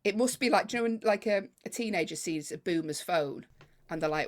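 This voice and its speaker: A woman comedian, telling a lively anecdote in casual podcast chat. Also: medium pitch, brisk. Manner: lively anecdote-telling, acts out other people.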